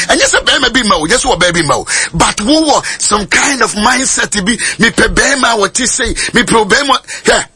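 A Ghanaian man preaching a sermon in a shouting, sing-song style. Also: very high voice, expressive, normal speed, few pauses, slightly rough.

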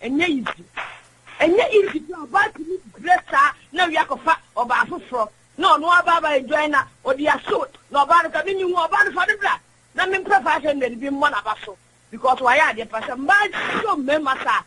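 Woman caller, bright voice, faint noise behind her, lectures emphatically. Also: high voice, animated, brisk, low-quality recording. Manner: emphatic, preachy, switches between languages. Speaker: radio caller. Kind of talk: call-in opinion talk.

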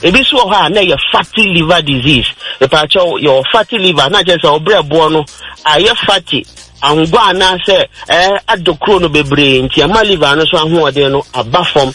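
A man's voice: a little high, brisk, sharp tone, slightly rough, dry recording, low-quality recording. A Ghanaian man presenting a radio health talk, explaining step by step and mixing in English terms. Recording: radio broadcast.

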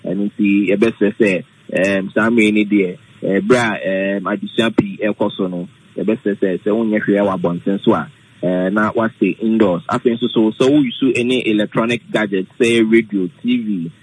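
A man explaining weather safety on the radio, halting, with many fillers, mixing English and Twi. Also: fairly low pitch, steady tone, breathy edge, rough recording. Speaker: weather forecaster guest.

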